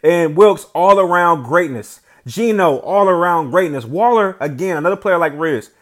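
Young male gaming host, slightly high voice, casual play-by-play, swings between shouted hype and low, calm commentary. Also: moderate pace. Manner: excitable, shouts and laughs at big plays, then settles into quiet reflective talk. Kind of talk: gameplay commentary.

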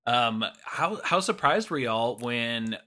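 A man co-hosting a wrestling podcast, excitable and quick to swear and laugh in casual chat. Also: mid-range voice. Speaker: podcast co-host.

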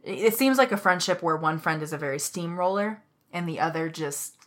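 A young woman on a casual podcast, telling a work story in a heated, animated way with plenty of swearing. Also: fairly low pitch, normal speed.

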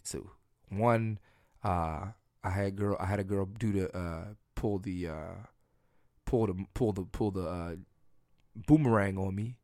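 Going solo on his podcast, a man shares frank, crude, jokey stories from his own life in a relaxed way. He has a low-pitched voice captured cleanly in the studio with no echo.

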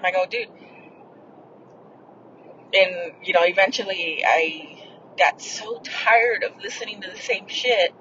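A woman's voice: medium pitch, a bit bright, lo-fi sound, slight background noise. Blunt, foul-mouthed woman telling a story. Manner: blunt, profane, rambling. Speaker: podcast host. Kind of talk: casual storytelling.

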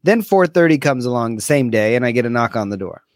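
A man's voice: medium pitch, animated, no room sound. Easygoing man in dry close sound. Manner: easygoing, supportive listener, measured storyteller. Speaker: podcast co-host. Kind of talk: casual conversational chat.

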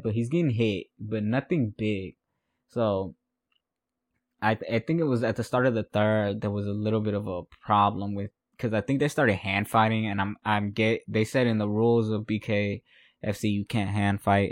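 A man hosts a casual sports podcast and walks through a fight in a loose, rambling way. He repeats phrases and laughs at his own notes. His voice sits a little low, and it is recorded dry, with no room sound. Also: steady tone, moderate pace, no room sound. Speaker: podcast host.

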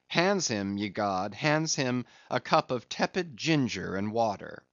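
Lively expressive male audiobook narrator. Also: medium pitch, measured pace, few pauses, no room sound, highs cut off. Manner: expressive, lively dramatic reading.

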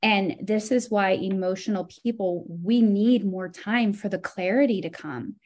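A woman guest speaking in an easy conversational way, thoughtful and measured. When she recounts a story, her voice livens up with quick bursts of energy. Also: mid-range voice. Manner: reflective, animated when telling stories. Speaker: podcast guest. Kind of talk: casual conversational interview.

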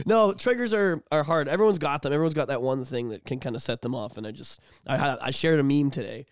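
A man co-hosting a podcast in casual chat, animated, swearing freely and laughing often. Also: medium pitch, fast talker, clean tone, no echo, studio quality. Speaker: podcast co-host.

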